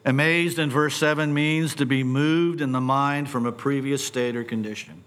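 A middle-aged man preaching a sermon, posing animated rhetorical questions and stumbling over repeated words when excited. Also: mid-range voice, moderate pace. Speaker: pastor.

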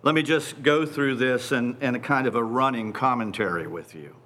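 A man preaching a sermon in a deliberate, emphatic way, repeating phrases for stress. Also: mid-range voice, pushed and bright.

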